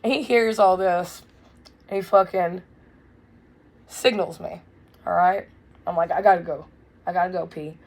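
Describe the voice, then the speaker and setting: A young woman telling a wild story in a casual, blunt, profane way, loud and animated. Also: lowish voice, a little slow, pauses often. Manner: blunt, profane, swears freely. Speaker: vlogger.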